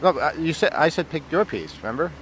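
A man's voice: fairly high pitch, sing-song, fast talker, a bit bright. A man chatting casually on a hotel balcony and joking as he hosts. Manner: joking, chatty, laughs often. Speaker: co-host. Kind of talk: casual chat. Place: hotel balcony above a busy street. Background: street traffic.

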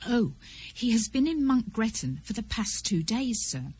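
A woman reading aloud, voicing a respectful, anxious village man who speaks very softly. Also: on the high side, sing-song, unhurried, breathy edge, heavily acted, low-quality recording. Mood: hushed. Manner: hushed, near whisper.

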